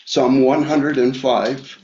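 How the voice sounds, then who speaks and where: A man preaching a Bible study sermon, talking slowly with many fillers and restarts. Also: mid-range voice, steady tone, warm tone, a little hiss or hum. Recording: echoey room, dull lo-fi sound.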